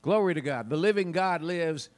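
A man's voice: fairly high pitch, animated, normal speed. A man preaching a sermon into a wireless mic in a church, in a chatty, folksy way and laughing often. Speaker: pastor. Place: church sanctuary. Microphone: wireless handheld mic.

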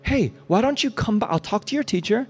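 A playful, sassy young woman teacher, put on by a man preaching, coaxes her class in a bright, lifted voice. Her words ring out with a long reverb that fills a large hall. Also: high-pitched, lively intonation, a little fast, breathy edge, soft background music, pitched above the performer's own voice. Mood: friendly, coaxing.

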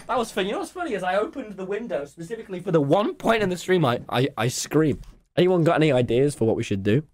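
Young man, livestreamer, lively swooping pitch, excitable, rambling, casual chat. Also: fast talker, a little hiss or hum. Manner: excitable, swears freely, rambling asides.

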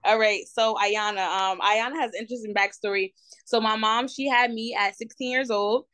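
A woman in her twenties with a New Jersey accent, a guest telling her story in a lively, slangy, talkative way with plenty of ums. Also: a little high, moderate pace, clear, resonant tone, no room sound. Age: 20s. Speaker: guest entrepreneur. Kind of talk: casual interview.

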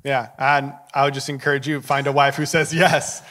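A man's voice: mid-range voice, flat delivery, moderate pace, big-room sound, noisy background. A man hosting a casual interview chat, asking rambling questions in a friendly, joking way. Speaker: live-stream host.

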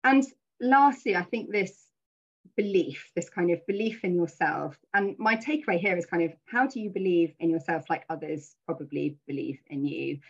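A woman's voice: fairly low pitch, animated, moderate pace, slightly rough, highs cut off. A middle-aged woman giving an earnest, reflective webinar talk with frequent fillers, heard over a video call. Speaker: webinar speaker.

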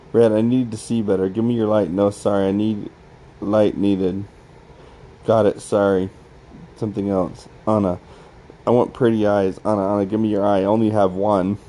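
A man voicing a desperate male scientist, trapped and breaking down, talking in shaky, halting, pleading bursts. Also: lowish voice, little pitch movement, mellow, close to an everyday voice, poor audio. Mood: delirious.

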